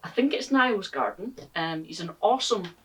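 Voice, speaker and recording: A woman's voice: medium pitch, animated, normal speed, a bit bright, slightly rough, distant mic, rough recording. A Scottish woman hosting a gardening vlog, chatting casually and upbeat with plenty of ums. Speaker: gardening channel host. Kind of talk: casual vlog chat to viewers. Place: outdoor garden. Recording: voice from away from the mic.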